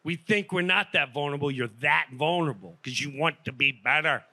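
A middle-aged man telling a personal story in an animated way, jumping into the voices of the people he quotes. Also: brisk. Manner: animated, acts out quoted voices with big pitch jumps.

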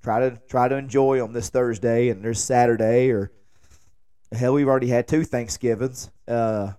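A man's voice: medium pitch, moderate pace, smooth. A man, hosting a podcast and telling a long joking story in a rambling late-night monologue. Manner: rambling, joking, animated when quoting himself. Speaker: podcast host.

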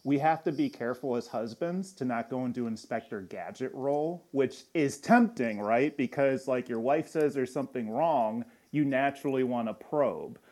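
A man on a talk show talks things through calmly, explaining his thoughts. His voice sits at a middling pitch and sounds ordinary. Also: normal speed, hardly any pauses. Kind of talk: casual discussion.

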